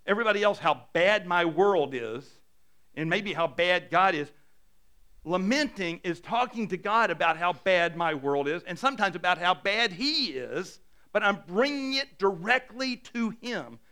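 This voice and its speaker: Animated bright-voiced male pastor. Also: high-pitched, normal speed, smooth. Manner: animated, self-deprecating, swings between hushed and loud. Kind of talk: sermon.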